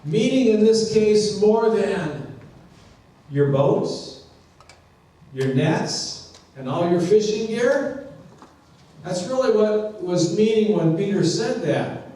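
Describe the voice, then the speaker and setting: Male pastor, slow unhurried sermon delivery, playful acted-out dialogue, roomy distant church recording. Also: high-pitched, lively intonation, dark tone. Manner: conversational, acts out dialogue with playful humor. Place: church sanctuary. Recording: echoey church from a distant mic.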